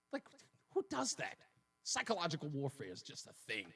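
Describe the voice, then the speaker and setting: A man's voice: on the high side, huge pitch swings, normal speed, vocal fry, a bit bright, breathy edge. A man hosting a call-in radio talk show, joking and laughing often. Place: radio studio.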